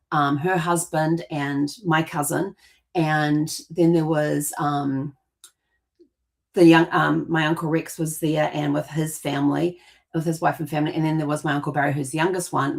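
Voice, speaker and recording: Brief: middle-aged New woman, lower voice, chatty storyteller who restarts often. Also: creaky. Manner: chatty, rambling, with frequent restarts and laughs. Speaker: genealogy podcast host. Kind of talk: casual storytelling monologue.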